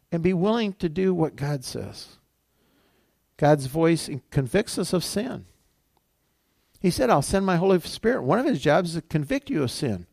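A man's voice: sits high, gravelly, darkish tone, no room sound, clean studio sound. A male pastor preaching a sermon in a conversational way, acting out the voices he quotes.

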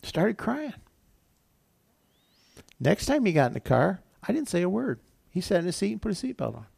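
An older male pastor delivers a sermon in a gravelly voice that swoops up and down with lively pitch. He talks conversationally, circling back and correcting himself as he tells a story. The sound is dry and close. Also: fast, no room sound.

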